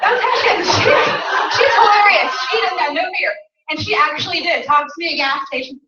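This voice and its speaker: A woman's voice: very high-pitched, animated, a little fast, heavy background noise. A chatty Southern US woman with a Southern accent, coaching a small group in a casual training talk and laughing often. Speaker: sales trainer. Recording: roomy, distant, dull.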